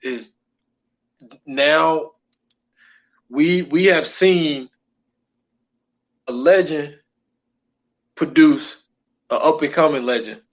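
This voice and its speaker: A man's voice: fairly high pitch, extremely slow, long pauses. Rambling man on a dull podcast mic. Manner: loose, repeats himself, keeps saying "man". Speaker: podcast co-host. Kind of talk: casual podcast chat.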